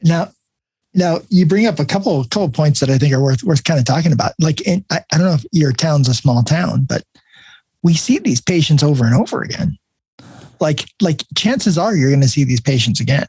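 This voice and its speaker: A man's voice: on the high side, lively intonation, brisk, darkish tone, breathy edge, dry recording. A man hosting a podcast, chatting casually with guests and repeating words as he gathers his thoughts. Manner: conversational, repeats words as he thinks. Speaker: podcast host. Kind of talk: casual chat.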